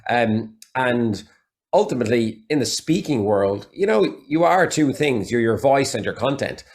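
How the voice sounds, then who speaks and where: A man's voice: mid-range voice, animated, unhurried, a little mellow. Irish guy w a blended accent chatting on a podcast, open and rambly, goes off on tangents. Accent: Irish, mixed Waterford and Galway. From Ireland, Waterford. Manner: chatty, candid, rambling with asides. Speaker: podcast guest, mentalist. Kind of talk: casual interview chat.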